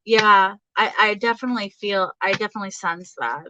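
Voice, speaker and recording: A woman's voice: mid-range voice, a little fast, muffled recording, background noise. A young woman giving a casual, chatty tarot reading, giggling often and speaking straight to her viewers. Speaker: tarot reader.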